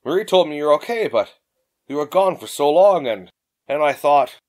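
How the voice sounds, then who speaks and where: A man's voice: on the high side, animated, normal speed, darkish tone, close to an everyday voice. A frightened young princess who stammers and trips over her words, as a male narrator puts her on. Her voice is raised and wavers widely. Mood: anxious. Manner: stammering, nervous.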